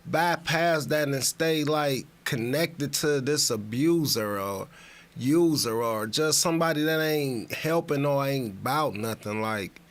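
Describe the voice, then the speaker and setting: A man's voice: medium pitch, unhurried. A man chatting on a podcast in a laid-back, rambling way with profane slang. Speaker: podcast co-host. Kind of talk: casual podcast chat.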